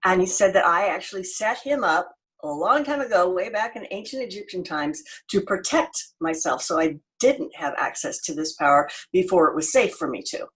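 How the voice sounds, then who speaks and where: An American woman co-hosting a podcast, chatty and animated as she tells a personal story. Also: lowish voice, moderate pace, few pauses, husky, poor audio. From United States. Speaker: podcast co-host. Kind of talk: casual storytelling chat.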